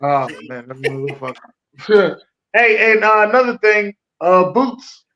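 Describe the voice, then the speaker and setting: A man's voice: high voice, animated, pushed and bright, lo-fi sound. A man co-hosting a podcast, cutting in insistently during casual sports chat. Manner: insistent, quick interjections. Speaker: podcast co-host.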